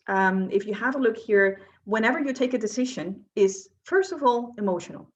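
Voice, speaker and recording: A woman's voice: on the high side, lively intonation, normal speed, hardly any pauses, lo-fi sound. Woman coach leading a workshop. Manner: asks the audience questions, explanatory. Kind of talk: presenting a workshop talk.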